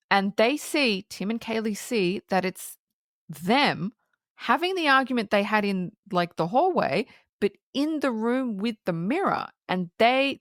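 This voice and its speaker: A woman chatting on a podcast, walking through a movie's plot in a loose, animated way. She peppers it with "like" and casual swearing, in a mid-range voice recorded dry and close. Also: medium pitch, no echo. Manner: animated, swears, heavy use of "like". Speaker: podcast co-host.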